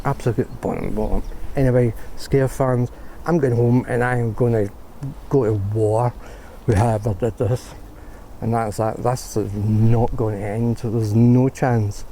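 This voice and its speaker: A man's voice: medium pitch, little pitch movement, a little slow, warm tone, slight background noise. A man vlogging in a graveyard, ranting in outrage and swearing. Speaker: paranormal vlogger. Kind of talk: outdoor vlog monologue. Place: graveyard outdoors.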